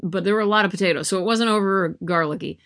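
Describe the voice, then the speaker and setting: A woman vlogger chats casually to camera from the yarn room in her home, rambling, self-deprecating and full of fillers. Her mid-range voice is a bit bright, and she talks fast.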